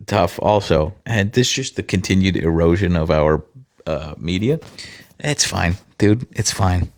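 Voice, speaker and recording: A man with a low, deep voice hosts a livestream and talks straight to his viewers. His chat is loose and casual, full of sarcasm and swearing. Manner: sarcastic, profane banter with viewers. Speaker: livestream host.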